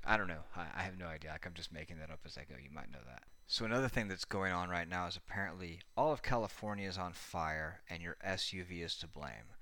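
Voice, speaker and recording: A man's voice: sits low, fast, hardly any pauses, sharp tone. A man hosting a casual commentary monologue, sarcastic, profane and rambling.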